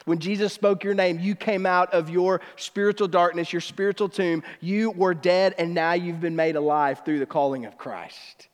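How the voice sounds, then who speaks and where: Guy preaching casual and slangy, goes from punchy to real quiet, high voice. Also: fairly even intonation, normal speed, hardly any pauses, long reverb tail. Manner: swings from emphatic to hushed. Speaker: pastor. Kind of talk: sermon.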